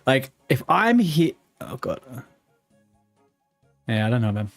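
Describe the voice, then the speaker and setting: A man's voice: medium pitch, sing-song, slow pace, gravelly, faint music behind. Man muttering live game commentary. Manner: mutters to himself, swears when frustrated. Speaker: streamer.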